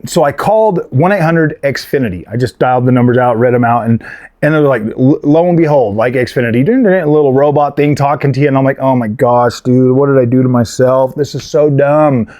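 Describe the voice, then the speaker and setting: A man's voice: on the high side, darkish tone. A man telling a frustrated, rambling story in a casual vlog, full of fillers and restarts. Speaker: gaming and tech YouTuber.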